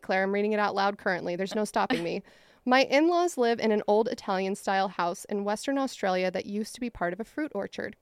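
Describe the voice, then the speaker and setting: A woman's voice: medium pitch, clear, resonant tone, no room sound, studio quality. A woman co-hosting a podcast, reading listener mail aloud with playful asides. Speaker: podcast co-host.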